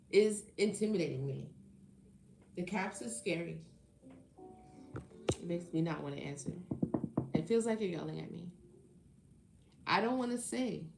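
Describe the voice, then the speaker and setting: A woman hosts a live tarot stream from home, bantering with her viewers. Her voice has a gravelly, fried edge and sits at a middle pitch. The room is echoey, with faint music playing behind her. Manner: playful, chatty, reads comments aloud and banters. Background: faint background music.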